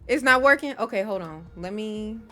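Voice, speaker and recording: A woman's voice: medium pitch, lively intonation, normal speed, fairly bright tone. A woman streaming a game live, chatting casually with her viewers and swearing now and then. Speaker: gaming streamer. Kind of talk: live gameplay commentary. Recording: game music under voice. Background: game music.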